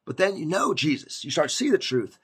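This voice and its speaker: A man giving a casual, conversational sermon to his viewers, animated and prone to acting out scenes. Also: fairly high pitch, brisk, breathy edge. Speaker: preacher.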